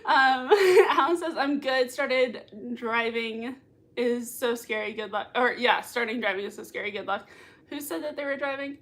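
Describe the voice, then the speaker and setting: A woman's voice: fairly high pitch, normal speed, a bit bright. A woman hosting a livestream from home, reading out viewer comments and gushing over them with lots of giggles. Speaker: livestream host. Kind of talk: live chat reading. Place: home room.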